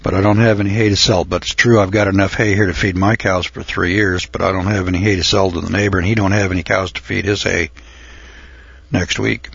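A man's voice: low voice, steady tone, brisk, creaky, a bit bright, breathy edge, no echo, muffled recording, full character voice. An older man quoting a stubborn old immigrant farmer who bluntly repeats his refusals.

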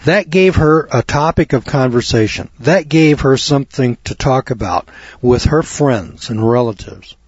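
A man lectures an audience in a folksy, emphatic way and leans on repeated words. His voice is husky. The recording is dry, dull and lo-fi. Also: medium pitch, a little slow, no echo. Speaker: health lecturer.

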